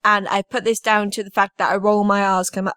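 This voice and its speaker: A woman's voice: mid-range voice, level tone, a little fast, a bit bright, clear, resonant tone, no echo. A young woman from Wales with a lightly toned-down Welsh accent, hosting a casual podcast chat with playful teasing. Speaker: podcast host.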